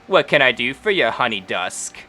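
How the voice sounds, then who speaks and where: A man's voice: mid-range voice, very animated, moderate pace, sharp tone. A man voicing a flirty, skinny halfling woman who runs a bathhouse, with a sing-song, fawning way of talking in tabletop role-play. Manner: sing-song, fawning, calls people cutie and darling.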